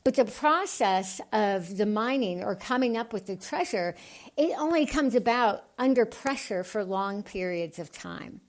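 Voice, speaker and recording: A woman from the United States, a podcast guest, speaking with a lisp and an unusual voice altered by tongue surgery, earnest and animated. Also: medium pitch, measured pace. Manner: earnest, animated, gets excited. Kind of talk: podcast interview.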